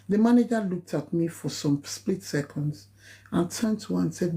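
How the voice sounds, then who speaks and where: A Nigerian-accented woman speaks in a mellow, darker voice, lecturing her viewers like a preacher. She hammers her points and leaps up in pitch on sharp, insistent phrases. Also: lively intonation, normal speed. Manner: emphatic, preachy, rising to high exclamations. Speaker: nurse giving a live talk. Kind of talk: impassioned live-stream talk.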